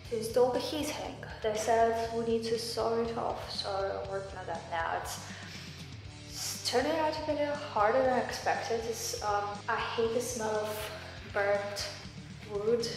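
In a casual vlog from inside her house under renovation, a woman with a fairly high-pitched voice speaks anxiously, airing her frustration and cursing a lot. The mic is distant, the empty room echoes heavily, and music plays underneath.

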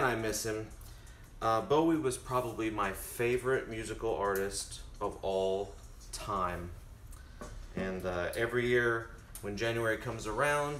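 A man's voice: on the low side, fairly bright tone, echoey room, slight background noise. A man chatting to his viewers while cooking live in his home kitchen. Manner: chatty, talks straight to viewers. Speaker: cooking stream host. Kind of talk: casual live cooking stream.

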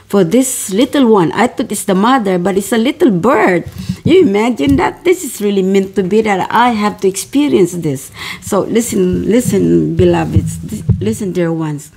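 A woman's voice: mid-range voice, vocal fry, darkish tone, breathy edge. A woman telling a personal spiritual story in a fervent, repetitive way, calling her listeners beloveds. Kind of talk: personal testimony narration.

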